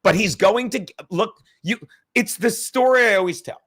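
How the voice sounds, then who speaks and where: Middle-aged guy ranting on a livestream, high bright voice, swearing and arguing with chat. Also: normal speed. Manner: profane, combative, reading viewer chats aloud. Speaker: livestream host.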